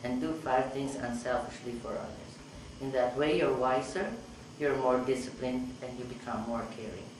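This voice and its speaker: A man's voice: medium pitch, steady tone, moderate pace, few pauses. Man, middle-aged, psychiatrist talking to an audience, echoey hall, far from mic, background noise. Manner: storytelling, acts out patient dialogue. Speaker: psychiatrist speaking at a meeting. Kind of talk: anecdotal talk to an audience. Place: meeting hall.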